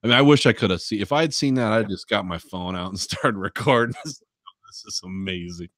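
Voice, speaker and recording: A man's voice: lowish voice, fairly quick, a bit bright, no echo, studio quality. A man hosting a podcast, telling a story in casual, swearing chat and laughing often. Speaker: podcast host.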